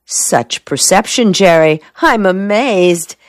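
A woman's voice: mid-range voice, expressive, slow, dry recording, studio quality, pitched above the performer's own voice. A woman voicing a teasing, evasive young woman with a mocking manner. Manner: playful, mocking. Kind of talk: audiobook dialogue reading.

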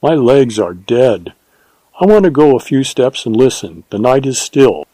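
A man voicing a steady, devoted Texas ranger who speaks slowly and earnestly. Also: mid-range voice, no room sound, rough recording. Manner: slow, earnest and tender.

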